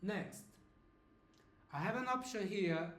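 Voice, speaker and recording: Heard in a roomy space, a man in his fifties from Brazil gives a patient, slow-paced beginner language class, often asking "okay?". He has a Brazilian Portuguese accent and a high, expressive, slightly bright voice.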